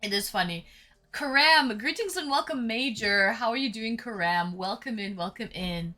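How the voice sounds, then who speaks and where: A woman's voice: fairly high pitch, moderate pace, sharp tone. A woman hosting a live stream in casual chat, welcoming viewers and upbeat. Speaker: streamer host.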